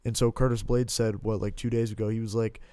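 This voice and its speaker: Young male podcast talker, low-pitched, dry close sound, loose and rambling. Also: flat delivery, fast, dark tone, smooth, no echo. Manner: rambling, full of "like" and restarts, blunt and profane. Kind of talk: casual podcast chat about fighting.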